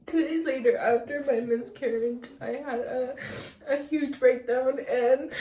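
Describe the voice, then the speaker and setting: A young woman in a personal vlog, telling her story in a halting, emotional way and close to tears. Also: sits high, steady tone, warm tone. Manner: halting, emotional, many restarts. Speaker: vlogger. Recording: echoey room.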